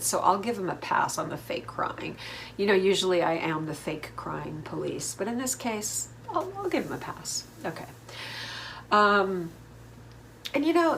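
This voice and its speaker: A woman's voice: fairly low pitch, a little hiss or hum, poor audio. A woman hosting a reality TV recap, talking in a chatty, opinionated way with many fillers. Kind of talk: casual recap commentary.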